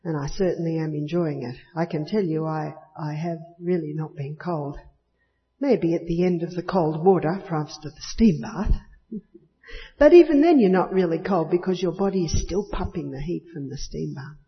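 Lady preaching, chatty and laughy, punches key words up high, muffled recording in a big echoey hall. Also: moderate pace. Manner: warm, laughing often, emphatic rises on key words. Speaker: speaker at a retreat. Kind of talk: sermon.

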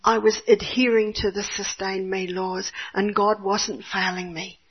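An older woman with a husky voice tells a faith story in an earnest, expressive way. She speaks as a mother recalling her own homeschool days. The recording sounds a little muffled. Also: medium pitch, unhurried. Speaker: homeschooling mother giving a talk.

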